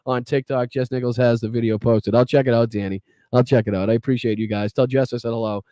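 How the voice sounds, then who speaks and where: A man with a Boston accent hosts a live stream, reading out viewer names and thanking them in a loose, profane, chatty way. His voice is mellow and warm, in a dry room with little echo. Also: medium pitch, steady tone, fast. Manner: casual, profane, grateful, many fillers. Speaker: podcast host. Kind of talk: live stream chat shout-outs.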